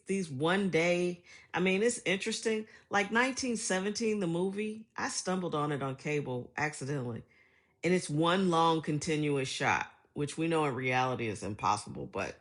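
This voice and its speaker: Chatty middle-aged woman telling stories. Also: sits low. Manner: storytelling, laughs often, chatty and reflective. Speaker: vlogger. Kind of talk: casual monologue.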